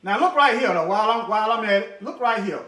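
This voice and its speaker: This fast-talking man, with lively intonation and a very high, bright, edgy voice, gives preachy commentary addressed right to his audience. He repeats brief phrases for emphasis and mutters to himself as he looks for things on screen; the space echoes.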